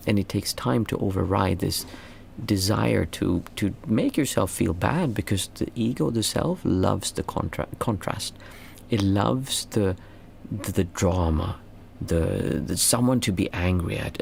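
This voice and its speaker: A man as a meditation teacher answering questions in casual talk, earnest and rambling, restarting phrases and jumping high to stress a point. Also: lively intonation, moderate pace, vocal fry, a little mellow, slight background noise.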